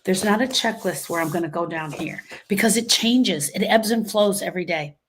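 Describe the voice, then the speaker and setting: A woman's voice: medium pitch, normal speed, slight background noise. A woman grief coach giving an emphatic, motivational live talk, repeating her phrases and acting out what people say. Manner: emphatic, repeats phrases, acts out quoted voices.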